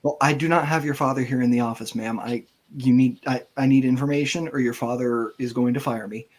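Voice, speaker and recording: A man voicing a nervous corporate secretary who stammers and rushes on a phone call in a tabletop game. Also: medium pitch, steady tone, natural voice. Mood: panicked. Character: flustered secretary at a corporate front desk.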